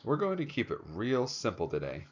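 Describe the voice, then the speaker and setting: Man voicing a bossy director in an audiobook, raised pitch, punchy orders, dull sound. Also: wildly swooping pitch. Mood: impatient. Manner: pushy, brisk, orders people about. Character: impatient adult male film director.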